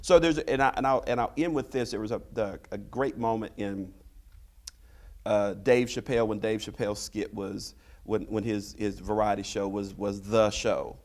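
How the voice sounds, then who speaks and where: A man's voice: fairly low pitch, fairly even intonation, moderate pace, a little mellow. A man, a professor, speaking on a panel and lecturing, who keeps checking in with listeners by asking "right?". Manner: rhetorical, tags points with "right?"; acts out quoted people in raised voices. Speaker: history and literature professor.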